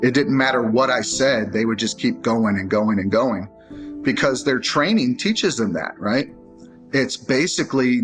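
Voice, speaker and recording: A man's voice: mid-range voice, fairly bright tone, breathy edge. A man giving a casual personal account in an emphatic, repetitive way, swearing freely. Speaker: interviewee.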